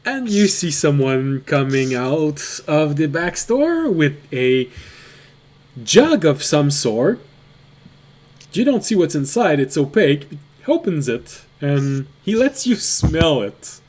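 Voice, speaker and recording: A man narrating as game master in a tabletop game, unhurried and amused. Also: a little high, very animated, darkish tone.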